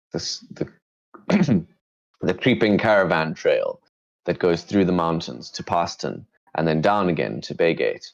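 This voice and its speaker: A man narrating as game master, laying out scenes for a tabletop game. His voice is very deep and comes through a slightly dull, lo-fi recording. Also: vocal fry. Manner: descriptive, scene-setting narration.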